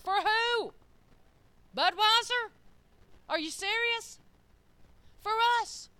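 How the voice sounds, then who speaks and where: Emphatic high-voiced woman preaching. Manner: emphatic, rising to shouted peaks. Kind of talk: sermon. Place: church.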